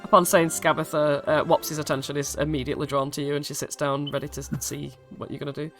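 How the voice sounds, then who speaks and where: A woman's voice: low voice, little pitch movement, quick pace, fairly bright tone, faint music behind. A British-accented woman narrating a tabletop game as game master, casual and chatty with many fillers. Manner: casual, lots of ums and likes.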